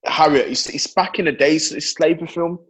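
A man in casual podcast chat, talking in an earnest, halting way with many repeated words. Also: on the high side, fairly even intonation, husky, rough recording. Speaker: podcast co-host.

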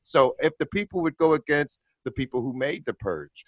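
A man's voice: on the high side, lively intonation, moderate pace, a bit bright, no room sound. A man in casual group chat, rambling and restarting his sentences. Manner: rambling, many restarts and "I'm just saying".

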